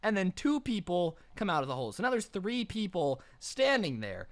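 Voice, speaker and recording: A man's voice: high-pitched, moderate pace, dry recording. A man telling a scary story in a casual storytime style, joking and slangy. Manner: animated, joking, slangy asides. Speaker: storytime youtuber.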